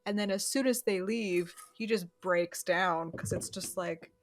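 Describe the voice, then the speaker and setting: A woman co-hosting a podcast, recapping a show in casual chat and acting out characters' lines. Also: mid-range voice. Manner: chatty, acts out characters' lines in quick paraphrase. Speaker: podcast co-host.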